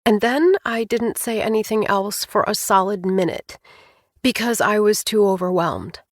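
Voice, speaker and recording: Brief: female audiobook narrator, first person, mid-pitched, even and clear, dry close-miked sound. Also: unhurried, no room sound.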